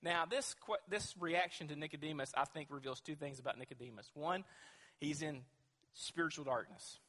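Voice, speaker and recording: A man's voice: fairly high pitch, moderate pace, sharp tone. A man preaching a sermon as pastor, emphatic and asking the congregation rhetorical questions. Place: church sanctuary with long reverb. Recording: reverberant church hall.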